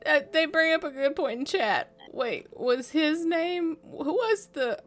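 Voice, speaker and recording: A woman playing in a tabletop game, asking questions in a playful, drawn-out way. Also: high-pitched, expressive. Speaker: player.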